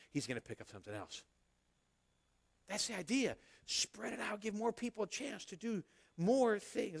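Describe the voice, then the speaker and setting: Animated high-voiced man preaching a sermon. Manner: conversational and animated, acting out little exchanges. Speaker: pastor. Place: church sanctuary.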